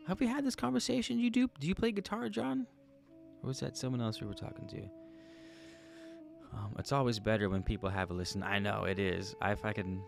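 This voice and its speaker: A man hosting a livestream, chatting casually and jokingly as he reads out viewer comments. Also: lowish voice. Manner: laid-back, joking, thinking aloud. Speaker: livestream host.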